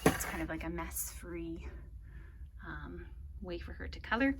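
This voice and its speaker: A young woman, pregnant and out of breath, giving a chatty, breathy walkthrough of a child's bedroom. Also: on the low side, measured pace, a little hiss or hum. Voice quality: breathy, half-whispered at times. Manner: chatty, explaining as she goes. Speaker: vlogger. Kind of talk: casual room-tour walkthrough.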